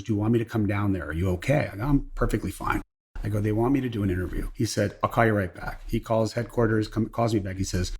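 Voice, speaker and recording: A man's voice: on the low side, darkish tone, breathy edge. A middle-aged man, a guest on an interview show, telling an anecdote casually and acting out the voices of the people he quotes. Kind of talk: casual storytelling.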